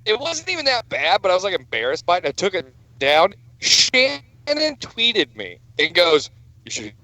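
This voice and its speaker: A man co-hosting a podcast in casual chat, an animated storyteller who acts out what people said. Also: sits high, moderate pace, dry recording. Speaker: podcast co-host.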